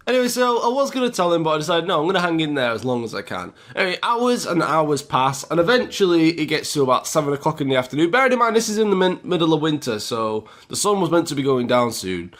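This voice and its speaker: A young-sounding British man chatting straight to camera in a storytime vlog. His pitch swings up and down a lot as he tells the story, and he keeps turning to his audience with a casual "guys". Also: animated, fairly quick, a bit bright. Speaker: YouTuber.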